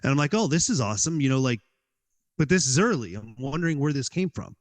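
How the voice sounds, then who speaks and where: Speaking fast in a mid-range voice, this podcast guest tells a personal story with lots of energy. He acts out his inner dialogue and uses "like" again and again.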